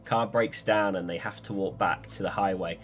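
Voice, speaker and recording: A man's voice: low voice, moderate pace, faint music behind. A young man, co-hosting a casual podcast chat and cracking jokes. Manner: joking, animated, laughs at own jokes. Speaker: podcast co-host.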